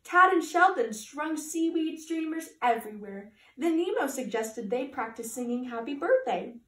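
A woman reading a storybook aloud to children as a party entertainer, animated and adding chatty asides. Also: sits high, moderate pace. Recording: echoey room, voice from a distance.

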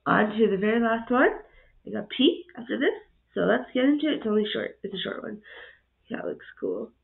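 A woman hosting a reaction video, cooing softly over cute animals and chatting casually, sometimes dropping to a whisper. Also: mid-range voice, lively intonation, fairly quick, creaky. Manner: soft-spoken, drops to whispers at times. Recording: tinny phone-like sound.

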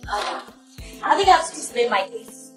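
A woman's voice: a little high, big pitch swings, moderate pace, a bit bright, soft background music, rough recording. An actress with a Nigerian accent playing a devoted young female student in love, earnest in tone and dropping into Pidgin at times. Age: young adult. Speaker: university student. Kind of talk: Nollywood film acting.

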